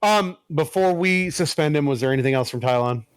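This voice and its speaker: A man co-hosting a podcast, telling a story in casual chat, animated and full of swearing. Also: on the high side, brisk, smooth. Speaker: podcast co-host.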